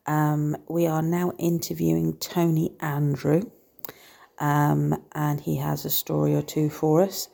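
A woman's voice: deep voice, monotone, slow pace, gravelly, warm tone. A woman introducing an interview, hesitant with frequent fillers. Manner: hesitant, lots of ums. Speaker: interviewer, host. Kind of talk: casual podcast introduction.

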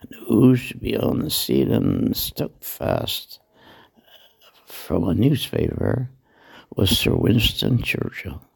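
An older man, telling salty dialect anecdotes slowly from a hospital room. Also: lowish voice, sing-song. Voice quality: gravelly, husky. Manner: slow, meandering, salty dialect storytelling. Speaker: storyteller guest.

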